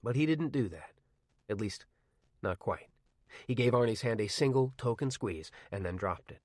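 A man narrating a novel in first person with measured, wry storytelling. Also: medium pitch, expressive, darkish tone, dry recording, studio quality. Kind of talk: audiobook narration.

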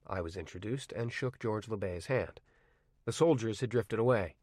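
A man narrating a novel in first person with measured, wry storytelling. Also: fairly low pitch, darkish tone, no echo, clean studio sound. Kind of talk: audiobook narration.

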